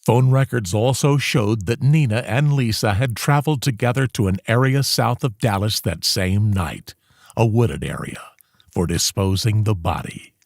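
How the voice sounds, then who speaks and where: A man giving scripted, measured true-crime documentary narration. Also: lowish voice, dry recording, studio quality.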